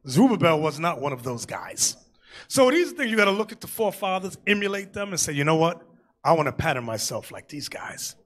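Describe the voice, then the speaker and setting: A man preaching a sermon as bishop, telling stories with jokes and loud shouted asides. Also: a little high, brisk. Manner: animated, joking storytelling with shouted asides.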